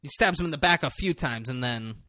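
A man's voice: medium pitch, animated, a little fast, bright, forceful tone, no echo. A man co-hosting a podcast, swearing freely and acting out characters as he retells a movie. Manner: profane, acts out characters while retelling. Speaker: podcast co-host. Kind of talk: casual movie recap chat.

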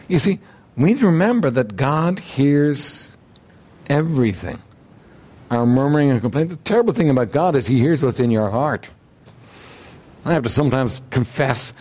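A man preaching a sermon, emphatic and repetitive, often clearing his throat and asking rhetorical questions. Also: mid-range voice, sing-song, normal speed, long pauses, a little mellow. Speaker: pastor.

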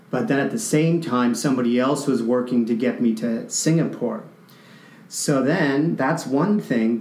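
A man from Canada telling an emotional personal story, halting and restarting as he speaks. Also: mid-range voice, a little mellow, roomy sound, low-quality recording.

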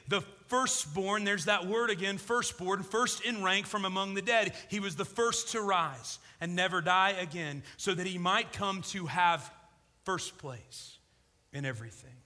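A man's voice: sits high, bright, forceful tone, long reverb tail. A male pastor preaching an emphatic sermon with rhetorical asides.

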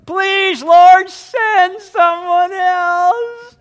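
A man's voice: extremely high pitch, steady tone, drawn-out words, pitched above the performer's own voice, heavily acted. A preacher voicing Moses as a nervous, whining man who stammers. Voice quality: whiny, stammering.

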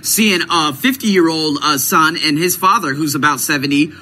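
A man's voice: a little high, normal speed, pushed and bright, slight background noise, poor audio. A man hosting his own video series, talking through a casual vlog monologue, emphatic and repeating words for stress. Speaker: video host.

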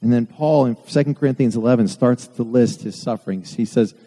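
In a sermon echoing with long hall reverb, a pastor speaks earnestly to his church while occasionally making fun of himself. He has a mellow, medium-pitched voice and a brisk delivery.

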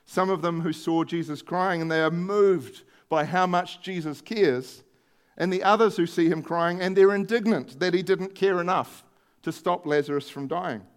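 A man's voice: high voice, normal speed, smooth. A male preacher giving a sermon, retelling a story in a conversational way and stressing key words.

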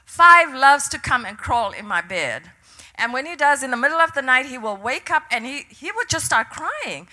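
A woman's voice: high-pitched, sing-song, moderate pace, bright, forceful tone. An older woman minister sharing a passionate testimony, building into fervent exhortation. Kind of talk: sermon testimony.

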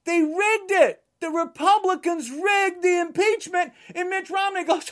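A woman delivering an angry political rant, at times shouting. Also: extremely high pitch, measured pace, hardly any pauses.

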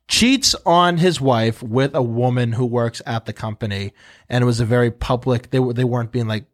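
Casting note: young male podcast host, animated storyteller, plays every quote out loud. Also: medium pitch, brisk. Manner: animated storyteller, acts out quotes in mock voices. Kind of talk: casual chat.

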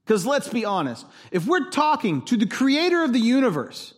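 A man's voice: very high-pitched, big pitch swings, moderate pace. A man preaching a sermon as a pastor, conversational and emphatic, repeating his key points.

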